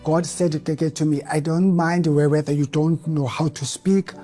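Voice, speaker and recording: At a moderate pace and with fairly even intonation, a man whose dark-toned voice sits on the high side gives his church testimony over faint music. Earnest and emotional, he stutters heavily, repeating the beginnings of words, and rises to fervent outbursts.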